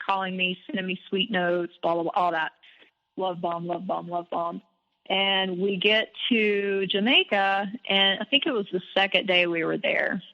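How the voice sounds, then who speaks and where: A woman guest telling a personal story in an animated, candid way, with some swearing. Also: medium pitch. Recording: dull lo-fi audio with long reverb.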